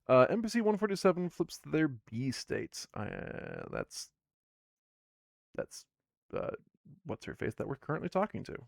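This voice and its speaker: A man's voice: a little high, sing-song, unhurried, vocal fry, long pauses, dry recording, clean studio sound. A sleepy man casually narrating his solo tabletop game on a live stream, rambling and self-deprecating as he reads the game text aloud.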